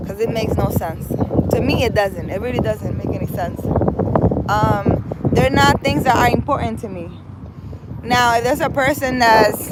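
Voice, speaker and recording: A woman from New hosting a casual live stream, reading out viewer comments and answering them frankly, with lots of fillers. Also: on the high side. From United States. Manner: chatty, frank, talks straight to viewers with many fillers. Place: outdoors in a city. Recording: outdoor wind and traffic noise.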